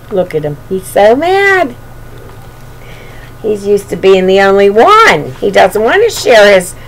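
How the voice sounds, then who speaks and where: A woman reading a children's picture book aloud, with expressive narration and chatty asides to the listener. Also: mid-range voice, slight background noise, rough recording. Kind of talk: storybook read-aloud.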